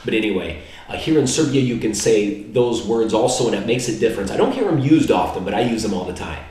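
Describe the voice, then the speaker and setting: A man's voice: fairly low pitch, slight background noise. Echoey far-off man explaining phrases. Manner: relaxed, rambling, slows down to spell out foreign words. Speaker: language learner teaching basic phrases. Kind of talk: casual vlog lesson. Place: indoor room in Serbia. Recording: very echoey room, mic far off.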